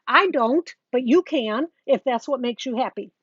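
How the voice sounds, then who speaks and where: A woman's voice: high voice, expressive, moderate pace, fairly bright tone, husky, dry recording. Chatty woman demonstrating a craft. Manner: chatty, talks while working, greets viewers. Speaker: quilting teacher. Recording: dull lo-fi sound with faint noise.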